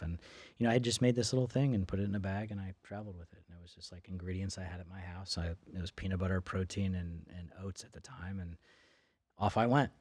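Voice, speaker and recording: Guest, male, lowish voice, dry close sound, chatty storyteller full of fillers. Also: a little mellow, no echo. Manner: rambling, with many fillers and restarts. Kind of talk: casual storytelling. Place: studio in Boca.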